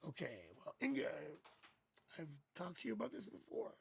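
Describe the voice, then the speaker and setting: A man's voice: high voice, wildly swooping pitch, normal speed, vocal fry, slight background noise. A man hosting a live tarot reading, talking casually and rambling, joking as he goes, on a new studio microphone. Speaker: psychic tarot reader hosting a live stream.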